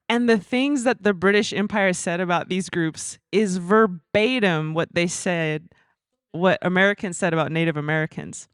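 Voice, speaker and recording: Woman, conference panel speaker, chatty storytelling, lots of fillers, clear resonant tone, dry sound. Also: mid-range voice, dry recording. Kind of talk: conversational panel remarks.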